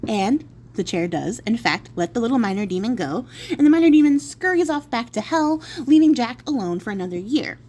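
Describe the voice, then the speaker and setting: A woman's voice: on the high side, animated, brisk, darkish tone. A woman telling a folk tale in a casual, chatty way, with playful asides. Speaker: storyteller. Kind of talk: casual spoken storytelling.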